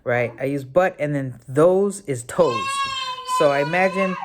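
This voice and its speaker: Talk as a woman with a very deep voice giving a casual spoken tutorial, thinking aloud with lots of fillers and correcting yourself as you go. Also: unhurried, slight background noise. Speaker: memory technique tutor.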